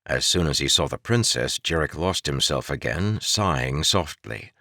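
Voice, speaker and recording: A man narrates a fantasy novel in a steady storytelling manner. His voice is deep, with plenty of movement in pitch. The recording is close and dry. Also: normal speed, no echo. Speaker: audiobook narrator. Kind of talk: scripted narration.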